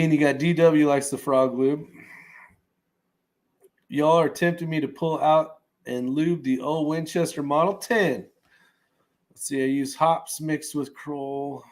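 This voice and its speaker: A man's voice: a little high, fairly even intonation, slow pace, long pauses. Casual man reading live chat. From California. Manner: rambling, with fillers and chuckles.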